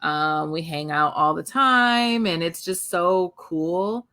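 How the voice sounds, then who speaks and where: A woman's voice: slow, pushed and bright, smooth. A woman in her thirties co-hosting a podcast, chatting candidly and casually. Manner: candid, chatty, often quotes her toddler in a high voice. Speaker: podcast co-host.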